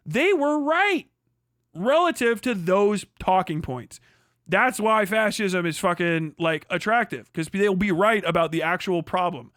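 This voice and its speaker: Profane ranting man, high bright voice. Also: measured pace, no room sound, studio quality. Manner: profane, sarcastic, quotes voices mockingly. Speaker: livestream host. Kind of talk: casual rant.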